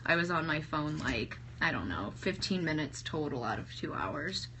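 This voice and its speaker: A woman in her thirties gushing excitedly to livestream viewers, talking to them by name, her throat sore from singing. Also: deep voice, moderate pace. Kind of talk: casual livestream chat. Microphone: phone held at arm's length. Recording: phone livestream with faint ambient noise.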